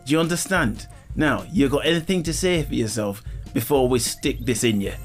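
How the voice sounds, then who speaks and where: A man's voice: mid-range voice, moderate pace, over music, lightly acted. A man voicing a male alien abductor who talks with a Manchester accent, blunt and matey while threatening. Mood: menacing matey. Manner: matey, blunt, casually menacing.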